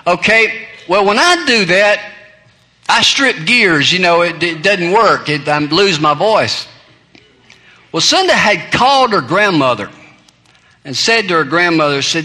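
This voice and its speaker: A man's voice: high voice, expressive, unhurried, sharp tone. A male pastor telling humorous stories in a sermon, folksy and self-deprecating, laughing at his own jokes.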